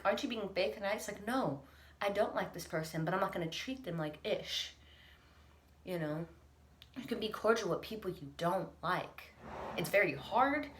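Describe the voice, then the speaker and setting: Young woman's confessional vlog, kinda low voice, earnest, choked up. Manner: earnest, reflective, laughs through emotion. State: choked up, near tears. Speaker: vlogger.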